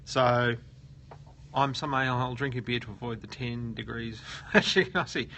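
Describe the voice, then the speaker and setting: Bright-voiced Australian man chatting live. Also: medium pitch, measured pace. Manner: chatty and joking, reads viewer comments aloud. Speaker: host of a live SEO question stream. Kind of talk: casual live-stream chat. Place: office at work.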